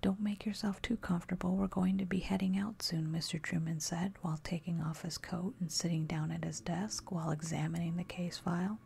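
A woman narrating a scary story in a soft, steady whisper. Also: on the low side, gravelly, slight background noise.

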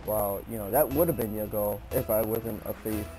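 A man's voice: fairly low pitch, moderate pace, over music. A man chatting casually while playing an online game on a headset mic, exasperated, swearing and teasing a friend in mock anger. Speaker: gamer. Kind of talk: casual gameplay chat.

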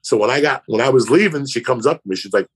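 A comedian guest on a podcast races through a foul-mouthed, rambling story at medium pitch, imitating the other people involved. His voice is husky and gravelly.

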